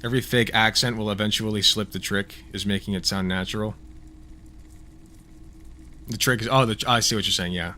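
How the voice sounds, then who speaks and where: A man's voice: on the low side, steady tone, a little fast, long pauses, pushed and bright, a little hiss or hum. A man streaming a video game, reacting with profane, joking asides in casual commentary.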